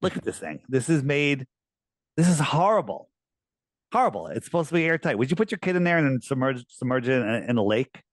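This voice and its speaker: A man in a casual interview who talks in an animated, persuasive way and often restarts his sentences. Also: mid-range voice, a little fast, dry recording. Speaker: interviewee, flat-earth promoter.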